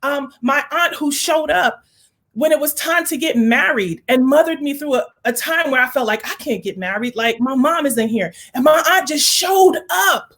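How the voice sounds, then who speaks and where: A woman's voice: high voice, expressive, normal speed, a bit bright. A woman hosting a heartfelt conversation, speaking earnestly and with emotion, slipping into prayerful pleading. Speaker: host.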